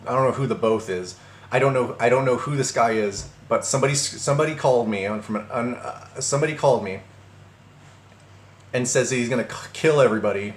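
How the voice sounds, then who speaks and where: Man, mid pitch, telling a rambling story with lots of restarts, recorded in a roomy space. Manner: rambling, many restarts and stammers. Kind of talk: casual storytelling monologue.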